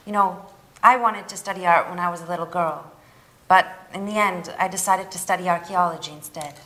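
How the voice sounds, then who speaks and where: An actress playing a bright, sociable neighbour. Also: female voice, lowish voice, brisk, lightly acted. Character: friendly neighbour woman, archaeologist. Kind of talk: scripted learner drama.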